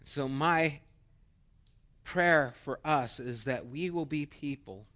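A man's voice: a little high, takes it slowly, pushed and bright. A middle-aged man preaching a sermon in an earnest, storytelling way and acting out quotes.

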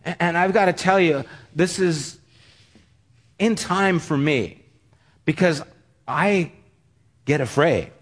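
A middle-aged man preaching a sermon, telling a personal story in an earnest, halting way with frequent restarts. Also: a little high.

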